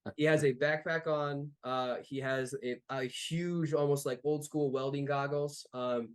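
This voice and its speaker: A man's voice: on the high side, steady tone, measured pace, clear, resonant tone. A man narrating as game master of a tabletop game, describing scenes loosely with many fillers.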